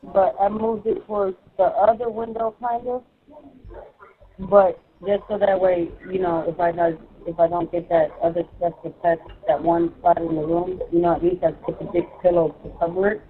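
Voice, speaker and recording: A woman on a phone call with her husband in jail, talking quietly and hesitantly. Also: on the low side, level tone, moderate pace. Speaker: inmate's wife on a phone call. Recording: tinny phone line, faint music.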